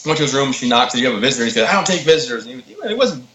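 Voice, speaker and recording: A man in his thirties talks quickly with a bright, forceful voice as a podcast guest. He tells his stories casually and acts out the quotes. The sound is roomy, a little dull, with faint ambience behind him. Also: medium pitch, a little hiss or hum. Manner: animated, quick storyteller acting out quotes. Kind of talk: casual storytelling.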